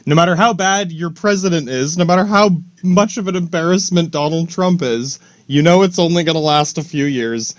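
A man's voice: fairly high pitch, no echo. A man hosting a solo podcast, rambling through a profane, joking monologue full of asides. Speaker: podcast host. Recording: dry, dull lo-fi recording.

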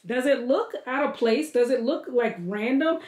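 A woman's voice: on the high side, moderate pace, darkish tone, a little hiss or hum. A woman vlogger, chatting casually and cheerfully to viewers from a room at home, laughing often. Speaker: lifestyle vlogger. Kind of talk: casual home vlog chat.

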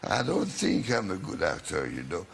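A man's voice: low-pitched, wildly swooping pitch, normal speed, vocal fry, a little hiss or hum. A man in his seventies with a French accent, a chat show guest who halts as he searches for English words. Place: television studio.

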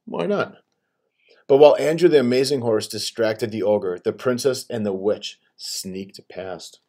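A man reading a children's picture book aloud in an expressive storyteller's voice. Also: lowish voice, normal speed. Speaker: school read-aloud host.

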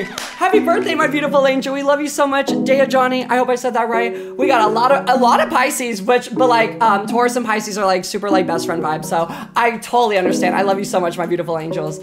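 A woman streaming a horror game live, chatting excitably with her viewers and swearing whenever something startles her. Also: sits high, normal speed, loud music behind the voice.

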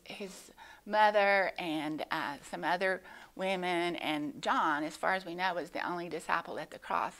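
A woman gives a children's Bible lesson at church, explaining gently with frequent pauses and fillers. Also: on the low side. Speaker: Sunday school teacher.

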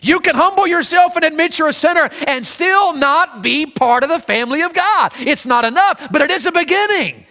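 A man's voice: very high-pitched, expressive, moderate pace, few pauses, sharp tone, big-room sound. A man preaching a sermon as pastor, emphatic, acting out prayers in a raised voice. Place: large church sanctuary.

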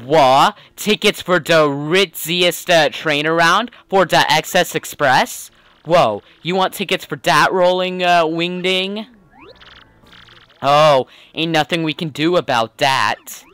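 A man voicing a gruff male mobster henchman who talks in tough-guy gangster slang. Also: a little high, sharp tone, no echo. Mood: scoffing.

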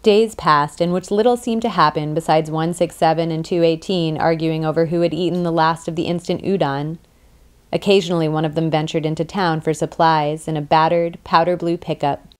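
A woman narrating a sci-fi audiobook in a dry, even storytelling manner. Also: low-pitched, clear, resonant tone. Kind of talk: scripted narration.

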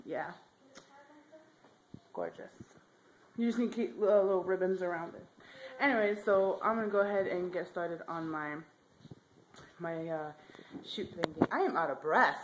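A woman's voice: fairly low pitch, normal speed, pauses often, background noise. A young woman vlogging casually at home on a handheld camera, chatty, giggly and rambling. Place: house, indoors.

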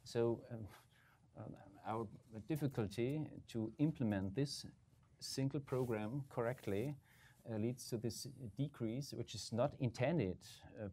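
A man answering questions as a government state secretary on a panel, measured, with frequent ums and uhs. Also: medium pitch, dark tone, slightly rough. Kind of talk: panel discussion remarks.

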